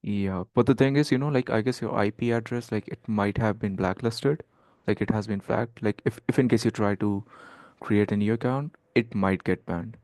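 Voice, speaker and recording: A man's voice: on the low side, normal speed, darkish tone, no echo. A man coaching a group on a call, loose and filler-heavy, checking in with "okay" and "right". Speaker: outreach coach.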